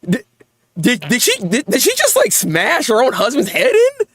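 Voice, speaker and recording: A young man hosting a live manga reaction and review, excitable, often stammering through repeated words and laughing. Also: sits high, moderate pace, no echo.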